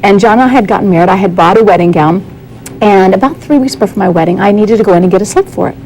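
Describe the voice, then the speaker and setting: A woman's voice: medium pitch, fast, a little mellow, a little hiss or hum, rough recording. A woman giving a candid, earnest personal testimony as a guest on a talk show, often acting out the dialogue she quotes.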